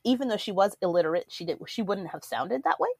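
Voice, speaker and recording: A woman's voice: medium pitch, lively intonation, fast, creaky, darkish tone, dry recording. A woman co-hosting a podcast, reading her history notes aloud with frequent ums between her remarks. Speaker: podcast co-host. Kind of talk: casual chat with read-out history notes.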